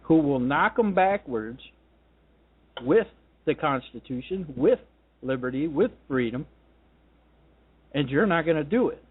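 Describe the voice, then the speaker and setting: A man's voice: on the high side, lively intonation, measured pace, pauses often, slightly rough. A man hosting a political talk radio show, delivering a combative, ranting monologue. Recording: tinny phone-line sound.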